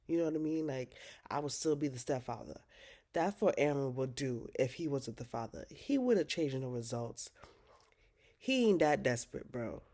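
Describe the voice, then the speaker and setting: Low, mellow-voiced woman recapping TV. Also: lively intonation, normal speed. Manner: slangy, candid, swears freely. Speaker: TV recap vlogger. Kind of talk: casual TV show recap.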